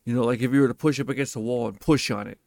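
A man's voice: medium pitch, racing, gravelly, dry recording, clean studio sound. A man host telling a personal story in a casual monologue, swearing often and speaking with emphasis. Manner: profane, emphatic and animated.

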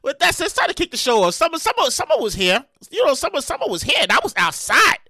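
A New York podcast host, a woman, talking casually and loudly to her listeners, swearing and venting as she goes. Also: high voice, fast, dry recording, studio quality. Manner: loud, animated, swearing, vents and shouts. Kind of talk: casual solo podcast chat. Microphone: close podcast mic.

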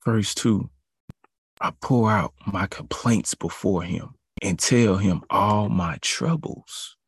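A man's voice: fairly low pitch, slow pace, slightly rough, no echo, clean studio sound. A man preaching a devotional sermon in an emphatic, repetitive cadence.

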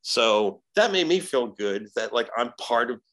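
A man's voice: mid-range voice, unhurried, poor audio. A man telling stories as a podcast guest in casual, rambling talk full of fillers and swearing. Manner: profane, animated storyteller acting out voices. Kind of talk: casual storytelling.

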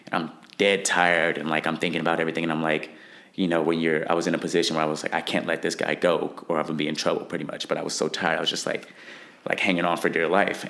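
Low gravelly young man, rambling. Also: a bit bright. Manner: rambling, many "like" fillers. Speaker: fighter. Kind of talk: interview answers.

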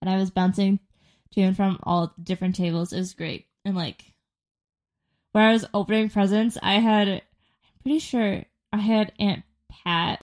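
A woman's voice: medium pitch, steady tone, moderate pace. A young woman co-hosting a podcast in casual chat, telling stories and often laughing mid-sentence. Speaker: podcast co-host.

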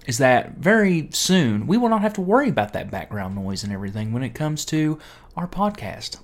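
A man's voice: medium pitch, big pitch swings, normal speed. A man hosting a podcast, chatting casually with a playful, teasing manner. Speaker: podcast host. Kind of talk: casual chat.

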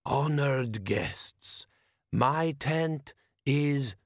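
A man putting on a slow, solemn desert wise man. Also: medium pitch, dry recording, studio quality, voice pushed up. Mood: hearty. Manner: very slow, stately, measured phrasing. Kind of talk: audiobook character voice.

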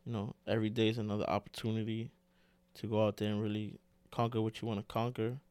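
A man co-hosting a casual podcast, talking in an animated, slangy way and saying "bro" a lot. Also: fairly low pitch, fast, smooth, dry recording. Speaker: podcast co-host.

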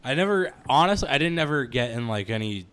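A young man co-hosting a casual podcast, cracking quick jokes and telling long stories. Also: medium pitch, lively intonation, a bit bright, clean tone. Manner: jokey quips, long, detailed anecdotes. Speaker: podcast co-host. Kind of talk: casual storytelling chat.

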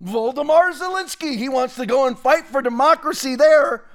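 A man's voice: very high voice, moderate pace. A man hosting a political commentary show, talking in a sarcastic, mocking way.

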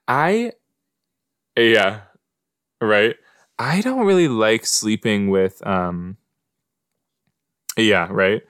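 Slow-talking low-voiced man reacting. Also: lively intonation, fairly bright tone, smooth, dry recording, clean studio sound. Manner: chatty, musing, talks to the screen. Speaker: podcast host. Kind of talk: casual reaction commentary while watching a show.

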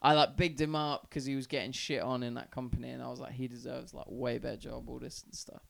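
A man's voice: mid-range voice, flat delivery, fast. A young man from South East London, a podcast guest, telling a rambling story in casual chat, swearing a lot and filling with "like". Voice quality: creaky. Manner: rambling, heavy swearing, lots of "like".

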